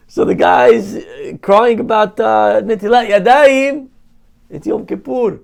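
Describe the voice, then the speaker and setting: A man's voice: high-pitched, expressive, unhurried, gravelly. A male rabbi teaching a Torah lesson, telling stories animatedly and dropping in Hebrew terms.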